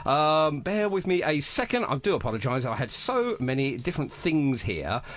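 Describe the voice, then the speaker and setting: A man's voice: on the high side, big pitch swings, normal speed, a bit bright. A man hosting a casual live radio show from a home studio, chatty and jokey, laughing often. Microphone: home studio microphone.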